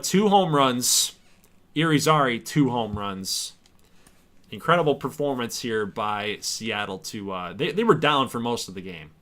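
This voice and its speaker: A young man hosting a live stream, commentating a baseball video game with playful trash talk and sudden loud outbursts. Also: medium pitch. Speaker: gaming streamer and league host.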